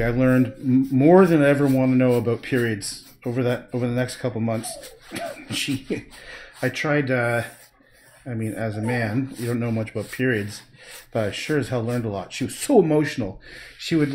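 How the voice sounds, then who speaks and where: A man livestreaming his painting session, chatting in a rambling, casual way and now and then breaking off to coax his dog in a high voice. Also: normal speed, darkish tone, a little hiss or hum. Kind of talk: casual chat while painting.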